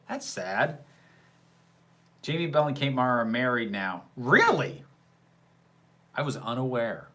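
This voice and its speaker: A man giving casual livestream commentary on a movie, full of sarcasm and quick laughs. His voice swings freely up and down, and it has a bright, forward edge. He takes his time, answering viewers' questions in an unhurried drawl. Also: mid-range voice. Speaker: livestream host reacting to a film.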